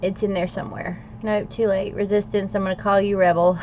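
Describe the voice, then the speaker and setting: A woman's voice: mid-range voice, little pitch movement, a little fast, darkish tone. A middle-aged woman hosts a casual livestream, chatting and answering viewers' comments. She is playful and laughs often. The audio is a little dull and lo-fi, with faint noise underneath. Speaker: livestream host. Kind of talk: casual livestream chat while journaling.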